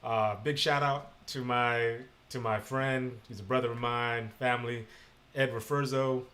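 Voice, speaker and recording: A man's voice: mid-range voice, steady tone, measured pace, bright, forceful tone. A man hosts a casual online interview show. He sounds upbeat and friendly, asking questions with some ums and restarts. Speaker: show host.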